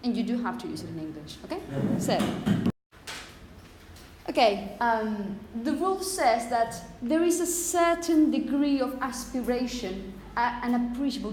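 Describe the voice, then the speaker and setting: A woman whose first language is Spanish teaches a phonetics class, her voice a little high. She explains step by step and keeps checking in with the students. The room is echoey, with faint background noise. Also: a little mellow. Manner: explanatory, checks in with "okay?" often. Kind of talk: classroom lecture.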